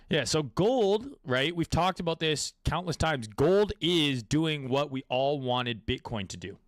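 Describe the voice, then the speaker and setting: A man's voice: a little high, lively intonation, measured pace, few pauses, no room sound, clean studio sound. A man in his late twenties or thirties giving casual, crude and profane crypto market commentary, riffing off the cuff.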